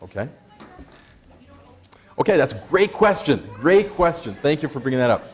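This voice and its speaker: Lively man leading a workshop. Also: fairly high pitch, moderate pace, husky. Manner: energetic, quizzes the audience, laughs often. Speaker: workshop presenter. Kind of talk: interactive stress-management workshop.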